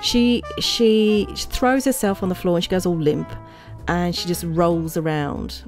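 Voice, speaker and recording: Chatty middle-aged woman, lowish voice. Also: steady tone, a little slow, soft background music. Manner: rambling and playful, laughing often at her own jokes. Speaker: vlogger. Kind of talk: casual chatty vlog.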